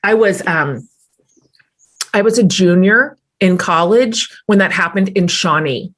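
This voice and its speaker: A woman in her forties from Oklahoma, a podcast host who gently prompts her guest and offers frequent soft affirmations. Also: mid-range voice, unhurried. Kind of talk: interview conversation.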